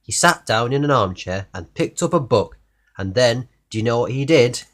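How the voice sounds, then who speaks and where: A man reading a children's storybook aloud in an expressive way, asking the listener questions along the way. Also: mid-range voice, moderate pace. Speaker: narrator reading a children's book.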